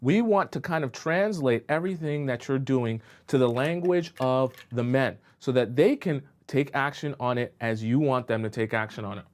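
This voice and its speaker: A man's voice: medium pitch, normal speed, few pauses. Male dating coach host, casual explainer, mid-range voice, audience-focused. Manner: conversational, checks in with rhetorical questions. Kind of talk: live-stream advice talk.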